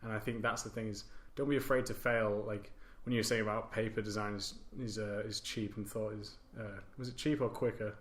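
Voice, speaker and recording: A man's voice: lowish voice, level tone, a little fast, hardly any pauses. A man hosting a casual podcast discussion, chatty and informal with a self-deprecating touch. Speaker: podcast host.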